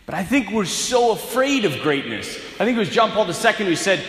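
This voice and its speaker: A man's voice: high voice, very animated, brisk, fairly bright tone. A man preaching a sermon, speaking emphatically and repeating words to build toward a point. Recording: echoey hall with long reverb.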